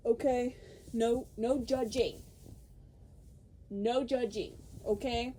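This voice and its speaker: A young woman rants her way through a casual podcast chat, swearing freely and laughing as she goes. Her pitch jumps around a lot, and her tone stays mellow and warm. She keeps slipping into quick put-on voices when she quotes people. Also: lively intonation, slight background noise.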